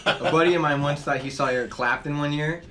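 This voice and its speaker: A man in a casual group chat in an office, telling animated stories and swearing freely. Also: on the high side, fast, over a noisy crowd. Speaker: band member.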